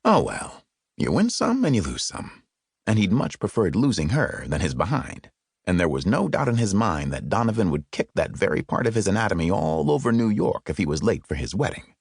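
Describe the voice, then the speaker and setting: A man narrating an audiobook with expressive, wry storytelling, recorded close in a studio. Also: fairly low pitch, a little fast, creaky, breathy edge, dry recording. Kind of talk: scripted narration. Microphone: close studio mic.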